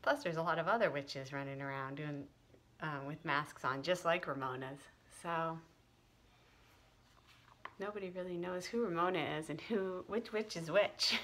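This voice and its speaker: A woman's voice: deep voice, normal speed, long pauses, a bit bright. A woman tutor reading a children's chapter book aloud and explaining it in a friendly way.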